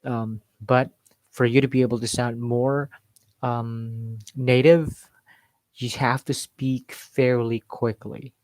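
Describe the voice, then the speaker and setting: Slow, deliberate male coach. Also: mid-range voice, steady tone, a little mellow, no room sound. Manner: deliberate, repeats points for emphasis. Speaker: English accent coach. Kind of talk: unscripted teaching talk.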